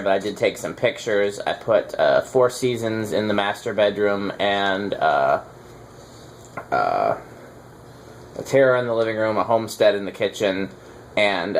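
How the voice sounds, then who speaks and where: Rambling man with faint background noise. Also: fairly low pitch. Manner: rambling, filler-heavy, teasing. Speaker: fan collector host. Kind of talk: casual chat while testing fans.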